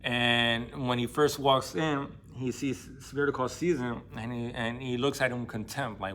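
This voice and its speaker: A man's voice: medium pitch, fairly even intonation, measured pace, few pauses, a bit bright, slight background noise. A man casually retelling a novel's plot in loose, slangy speech full of fillers and restarts. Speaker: book discussion vlogger. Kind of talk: casual spoken book recap.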